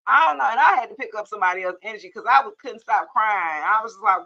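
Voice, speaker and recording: A woman's voice: medium pitch, fast, few pauses, sharp tone, highs cut off. Sassy woman giving a blunt tarot reading. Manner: sassy, blunt, laughing asides. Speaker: tarot reader. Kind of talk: casual tarot reading to camera. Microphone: phone or camera mic.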